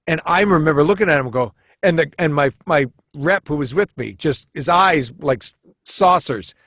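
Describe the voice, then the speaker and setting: A man chatting as a podcast guest, telling stories in an animated, rambling way with many restarts, often jumping into quoted voices. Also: on the high side, normal speed, no room sound, clean studio sound. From United States. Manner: animated storyteller who jumps into quoted voices. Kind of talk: casual storytelling chat.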